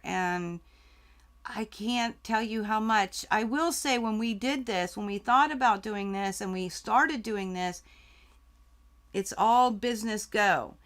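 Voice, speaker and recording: A woman with a slightly high, fairly bright voice runs a quilting channel's live Q&A stream. She reads out comments from viewers, sounding grateful and heartfelt, almost crying.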